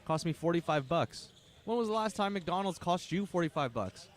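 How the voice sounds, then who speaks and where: A man's voice: a little high, animated, normal speed. A young Canadian man doing casual play-by-play commentary on a livestreamed basketball game, joking to viewers between plays. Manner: chatty, joking asides to viewers. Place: gym at a basketball tournament.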